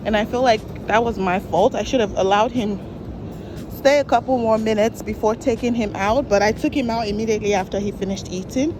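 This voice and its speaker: A woman's voice: fairly high pitch, a little fast, background noise. A young woman vlogger talking to her new puppy, coaxing and praising him in affectionate baby talk.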